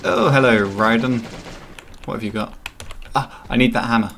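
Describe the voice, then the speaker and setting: Male gaming host, mid-pitched, chatty, playful play-by-play. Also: normal speed, creaky, a bit bright, slight background noise. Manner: chatty, playful, talks to game characters. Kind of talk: casual gameplay commentary.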